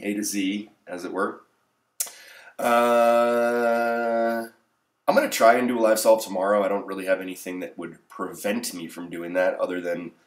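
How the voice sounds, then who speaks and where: A low-pitched man talks through a crossword in a casual, offhand way, tossing out dry sarcastic remarks between answers. His voice sits deep, and the room around him gives it a noticeable echo. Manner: wry, offhand, sarcastic asides. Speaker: crossword channel host. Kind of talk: casual live-solve commentary.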